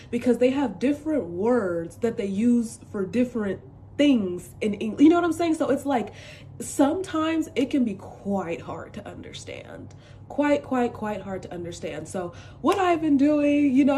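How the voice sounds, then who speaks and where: A young woman from the United States talking casually to camera, chatty and expressive with sassy asides and lots of fillers. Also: mid-range voice, a little hiss or hum. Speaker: vlogger.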